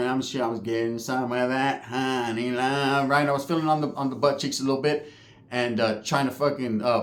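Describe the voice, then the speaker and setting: A man from California telling a story in a casual, profane, slangy way. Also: mid-range voice. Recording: roomy echo.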